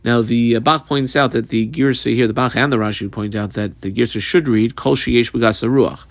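Man teaching Talmud in halting English. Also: medium pitch, steady tone, no echo. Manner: reads Aramaic phrases then explains in English, halting with fillers. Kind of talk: Talmud class, reading and translating.

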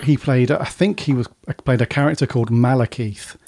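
A man's voice: mid-range voice, a little fast, a little mellow, dry recording, clean studio sound. A man hosting a casual podcast panel chat, talking loosely and drifting into tangents. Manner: chatty, rambling off on tangents. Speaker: podcast host.

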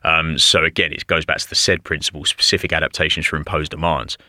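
A man, a fitness coach, telling animated stories in a casual podcast chat and laughing often. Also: extremely low pitch, fast talker, no room sound, clean studio sound. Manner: animated storyteller, laughs often, says "mate" and "like".

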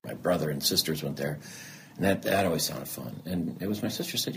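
A low-voiced man speaks candidly about his own past, earnest and a little self-deprecating, acting out the dialogue he remembers. His delivery swings widely in pitch, and a faint background hiss sits under the recording. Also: animated, brisk, gravelly, a bit bright. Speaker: interview guest. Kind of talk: candid personal story in an interview.

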